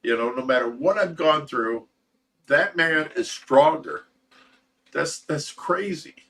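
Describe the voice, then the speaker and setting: A man's voice: fairly high pitch, slow, bright, forceful tone, far from the mic, a little hiss or hum. A man hosting a casual livestream, talking in an emotional, rambling way with repeated words and swearing. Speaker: host of a fish rescue livestream.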